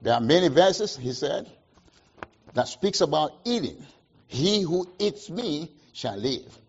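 Husky emphatic male preacher, lo-fi. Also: on the high side, very animated, takes it slowly. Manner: call-and-response questions, emphatic swings in loudness. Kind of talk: sermon.

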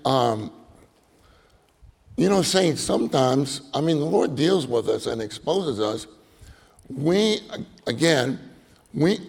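A man giving a conversational sermon, halting and repeating words and often checking in with his listeners. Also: mid-range voice, vocal fry, husky, in a large hall. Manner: halting, repeats words, asks the audience "right?". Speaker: preacher.

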